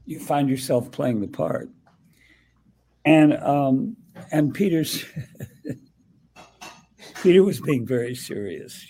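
A man's voice: mid-range voice, mellow, a little hiss or hum, rough recording. An older man being interviewed as a guest actor, telling a story in a rambling way full of restarts. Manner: rambling, halting recollection with many restarts. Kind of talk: conversational interview.

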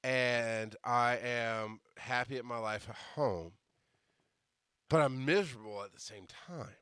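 A man hosting his podcast, telling a story from his working life in a casual, animated way, cursing and restarting his sentences. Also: mid-range voice, a little slow, smooth, no echo, clean studio sound. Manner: animated, profane, many restarts. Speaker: podcast host.

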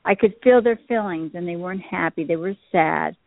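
A shop owner calls in to a show as a guest, telling stories earnestly and emotionally in a casual interview chat. Her low, creaky voice is brisk, carried over a dry, tinny phone line with no echo.

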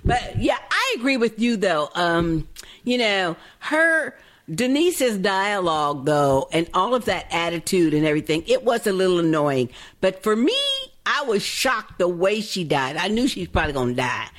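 Woman co-host, very animated delivery, easy chatty banter. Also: lowish voice. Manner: chatty, quick to laugh along. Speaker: podcast co-host. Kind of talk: casual chat.

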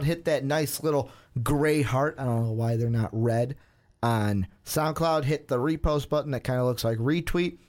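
A man's voice: medium pitch, a little mellow. A man hosting a casual sports podcast, rambling through anecdotes with quoted asides. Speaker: podcast host.

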